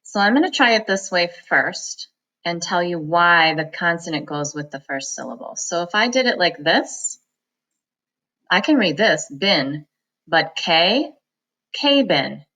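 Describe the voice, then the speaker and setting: A woman teaching a reading lesson, sounding out words slowly, syllable by syllable, for students. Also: on the low side, expressive, pushed and bright, poor audio. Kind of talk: phonics lesson.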